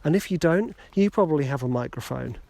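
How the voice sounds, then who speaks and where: A man's voice: fairly high pitch, animated, a little fast, creaky, a little mellow. A middle-aged man hosting a podcast in a casual, self-deprecating way with joking asides, talking into a phone in his hand while walking through a wood. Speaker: podcast host. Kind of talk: casual motivational podcast talk. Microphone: phone held in hand.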